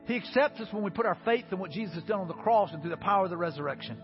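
High-voiced earnest preaching man. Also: animated, very fast, highs cut off, soft background music. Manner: drops to soft, low tones for appeals. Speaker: pastor. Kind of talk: sermon.

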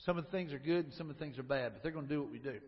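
A man's voice: fairly high pitch, very fast. A man preaching a sermon as a pastor, talking to the congregation in a conversational way and asking them questions. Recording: lo-fi recording with long hall reverb.

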